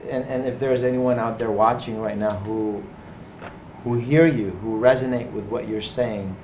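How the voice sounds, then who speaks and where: A man's voice: mid-range voice, fairly even intonation, moderate pace, a little mellow. Hesitant man host, distant and noisy. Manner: hesitant, repeats words. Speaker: interview host. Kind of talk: interview questions. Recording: distant mic with clear background noise.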